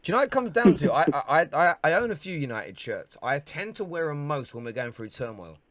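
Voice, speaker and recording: A man's voice: on the high side, big pitch swings, over a noisy crowd. A man in his late twenties, calling in to a fan show, telling rambling stories in casual chat. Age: late 20s. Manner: rapid rambling storyteller. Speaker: caller.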